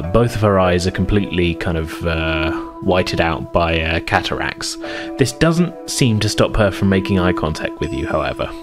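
A man narrating as game master in a tabletop game, easygoing and full of fillers. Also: sits low. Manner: casual, many uh fillers, easygoing. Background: background music.

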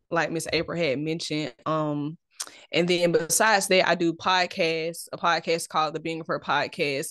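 A woman from southwest Georgia introducing herself on a panel in an unhurried way. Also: deep voice, fairly bright tone, no echo, studio quality. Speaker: panelist, writer and podcaster.

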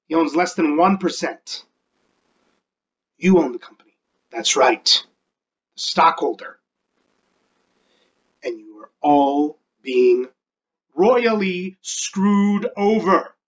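A performer doing Gordon Gekko, a ruthless corporate raider. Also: rough recording. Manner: speechifying, swings between loud high emphasis and low whispered lines. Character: ruthless slick male corporate raider addressing shareholders. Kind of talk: amateur movie monologue performance.

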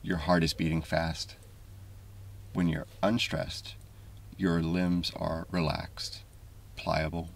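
A man with a very deep, gravelly voice narrates a scripted video essay in a calm, steady, deliberate way. His husky tone stays flat throughout, and he sounds slightly distant from the microphone.

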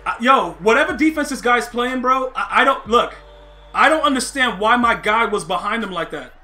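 A man streaming a football video game, laughing a lot and yelling at the plays, with slangy, excitable chatter. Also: very high voice, moderate pace, soft background music. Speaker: gaming streamer. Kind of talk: live game commentary.

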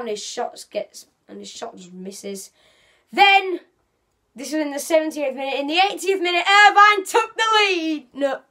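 A woman's voice: high-pitched, a bit bright. A woman giving a casual, rambling football match reaction as a fan vlogger, often correcting herself.

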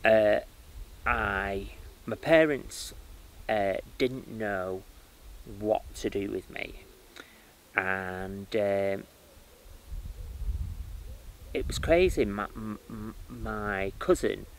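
A man who works as a spiritual medium, telling his life story in an interview with lively starts and restarts. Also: fairly low pitch, drawn-out words, slight background noise, poor audio. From United Kingdom. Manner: animated storytelling with many restarts and fillers.

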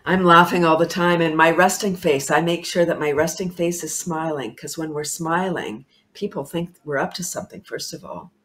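A woman's voice: sits low, moderate pace, few pauses, a bit bright. A woman guest on a talk show, speaking with bubbly enthusiasm, laughing often and repeating herself for emphasis.

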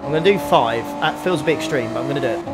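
A man's voice: medium pitch, animated, loud music behind the voice. A man giving casual, self-mocking commentary while live-streaming a racing game. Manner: chatty, self-mocking, quick to laugh.

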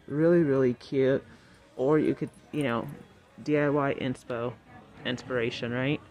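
A woman vlogging as she shops in a large store, talking excitedly and chattily about prices on a handheld phone. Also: extremely low pitch. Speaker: shopping vlogger. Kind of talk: casual shop-with-me commentary.

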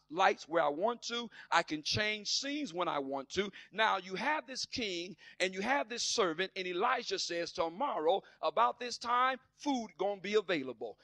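A man preaching a youth sermon with passion, jumping from near-shouts to quiet asides and acting out skeptics in sassy voices. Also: sits high, no room sound.

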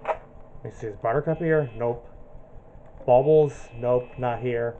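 A man's voice: mid-range voice, slow pace, dull audio, background noise. A man hosting a gaming channel, giving casual commentary and narrating each move as he plays.

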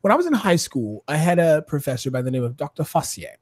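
A man co-hosting a casual panel chat, animated and emphatic, often saying "dude" and "by the way". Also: on the high side, fast talker, slightly rough, no room sound. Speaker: podcast co-host.

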